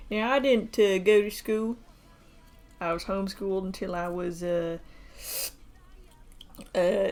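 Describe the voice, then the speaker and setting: Woman doing a crude old redneck uncle. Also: mid-range voice. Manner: rambling, crude, deadpan bragging. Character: old retired male war-veteran uncle, gruff and folksy. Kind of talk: live-streamed model kit build, in character.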